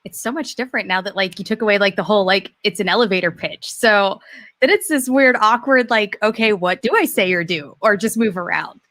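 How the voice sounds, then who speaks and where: A woman's voice: mid-range voice, brisk, fairly bright tone. A woman guesting on a casual video-call show, giggly and a little awkward. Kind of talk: casual chat.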